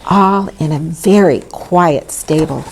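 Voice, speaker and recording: A woman reading a children's story aloud in an expressive way, inviting her listeners to join in. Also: deep voice, takes it slowly, a little hiss or hum. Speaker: storybook reader.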